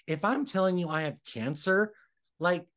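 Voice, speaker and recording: A man's voice: sits high, normal speed. A young adult man hosting a podcast in casual, gossipy chat, bouncing between opinions and acted-out quotes. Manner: animated, gossipy, acts out quotes. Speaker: podcast host.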